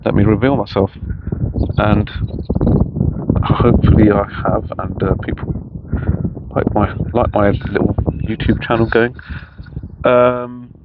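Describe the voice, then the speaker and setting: A man's voice: on the low side, flat delivery, unhurried, pauses often. A middle-aged man chatting casually outdoors in a park, rambling with many restarts. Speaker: vlogger. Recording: dull lo-fi sound with faint noise.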